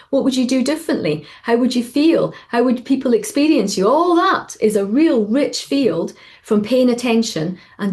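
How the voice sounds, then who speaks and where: A middle-aged woman coach talking casually in an online session, acting out the voices in her stories. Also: on the high side. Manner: animated storytelling, acting out quoted voices. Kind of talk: casual webinar talk.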